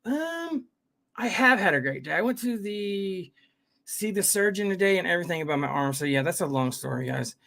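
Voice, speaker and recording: A man's voice: high voice, lively intonation, fairly quick, gravelly, sharp tone. A man hosting a live stream, chatting casually, greeting viewers by name and reading their comments in a rambling way. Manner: rambling, greets viewers by name, keeps saying "guys" and "fam". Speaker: livestream host.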